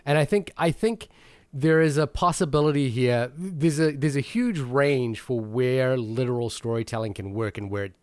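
A man's voice: mid-range voice, moderate pace, a little mellow, clear, resonant tone, dry recording, studio quality. A man co-hosting a film podcast, talking through his points at length with many restarts and fillers. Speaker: podcast co-host. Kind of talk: casual film discussion.

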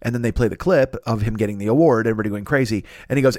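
A man's voice: fairly low pitch, very fast, hardly any pauses, darkish tone, no echo, studio quality. A man hosting a podcast, rambling and ranting with plenty of swearing and restarts as he plugs other shows. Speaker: podcast host. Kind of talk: casual podcast plug.

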